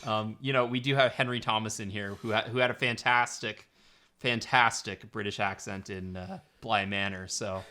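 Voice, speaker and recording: A man's voice: on the low side, fairly even intonation, normal speed, sharp tone. A man co-hosting a podcast, chatting casually about a series and often repeating words as he searches for what to say. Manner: rambling, repeats words while searching for them. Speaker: podcast co-host. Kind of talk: casual film discussion.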